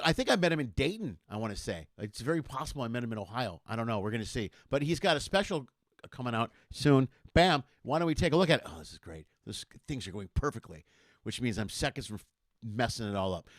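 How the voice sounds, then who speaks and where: A man's voice: mid-range voice, a bit bright, no echo, studio quality. A middle-aged man hosting an online comedy show over a video call, bantering and mocking himself. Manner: jokey, self-mocking banter.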